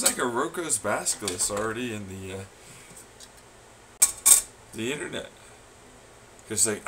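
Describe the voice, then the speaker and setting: A man ranting in a sarcastic, scornful, profane monologue, swinging between muttering and loud shouting. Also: mid-range voice, expressive, moderate pace, long pauses, slight background noise. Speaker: vlogger.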